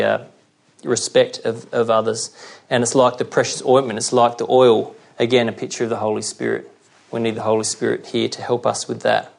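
A male preacher giving a sermon in a conversational way, reading scripture slowly and often checking in with "okay?". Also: medium pitch, gravelly.

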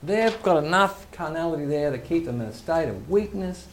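A man's voice: a little high, lively intonation, normal speed. A male pastor giving a conversational sermon, acting out quoted voices, with faint background noise.

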